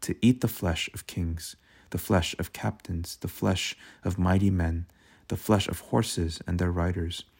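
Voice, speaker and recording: A man reading a Bible passage aloud as a daily devotion, in a measured, steady voice. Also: deep voice, vocal fry, breathy edge. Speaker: devotional reader. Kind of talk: scripture reading.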